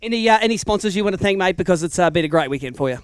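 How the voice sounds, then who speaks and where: Fast-talking Australian emcee, high voice. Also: male voice, smooth, dry recording. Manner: energetic, matey banter with anglers. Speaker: tournament emcee. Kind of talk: live weigh-in commentary. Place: outdoors at a lakeside weigh-in.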